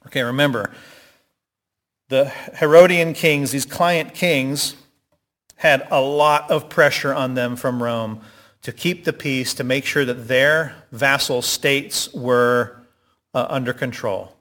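Animated man teaching a Bible study. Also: medium pitch, creaky. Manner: animated, halting, self-correcting. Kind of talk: casual Bible teaching with scripture reading.

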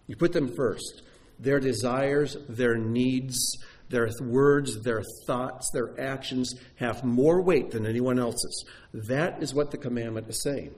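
A man preaching a sermon to his congregation, animated and talking straight to them with questions. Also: medium pitch. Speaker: pastor. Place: sanctuary before a congregation.

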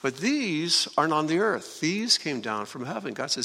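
Man, preacher, sermon, animated pitch, bright forceful tone, long hall reverb. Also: normal speed, vocal fry, hardly any pauses. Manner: lively, asks the congregation questions. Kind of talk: sermon, teaching scripture.

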